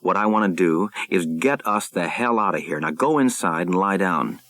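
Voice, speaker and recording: A man voicing a stern, weathered boat captain who talks in a gruff, blunt, commanding way, read in an audiobook. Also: low voice, animated, moderate pace, fairly bright tone, dry recording.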